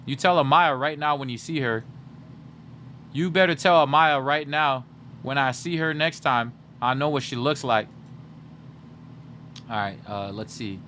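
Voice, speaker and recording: A young man hosting a livestream, chatting casually and teasing his viewers in a joking, animated way. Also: medium pitch, unhurried, long pauses, slight background noise. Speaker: livestream host.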